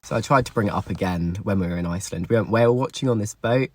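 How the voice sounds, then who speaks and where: Emotional young man, husky and low. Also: fast. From England. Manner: emotional, swearing, confessional. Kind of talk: candid storytelling to camera.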